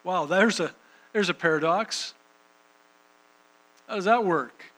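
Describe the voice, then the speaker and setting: A man's voice: high-pitched, takes it slowly, a bit bright, rough recording. A man preaching a sermon and reading scripture, emphatic, repeating phrases for rhythm.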